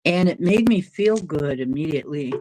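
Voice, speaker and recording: A woman's voice: deep voice, lively intonation, moderate pace, mellow, dry recording, low-quality recording. A middle-aged woman hosting a casual livestream, rambling from topic to topic and reacting to chat comments as they come in. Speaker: livestream host reading chat.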